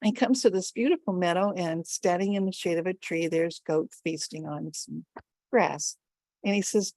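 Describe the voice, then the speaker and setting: An older woman telling a folktale at a storytelling event, with an animated, expressive delivery. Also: lowish voice, moderate pace, no room sound.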